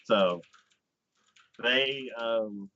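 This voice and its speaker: Bright-voiced man rambling through a recap. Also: medium pitch. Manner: rambling, heavy use of "like", quick restarts. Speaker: anime podcast host. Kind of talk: casual chat recapping a show. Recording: dull, lo-fi sound.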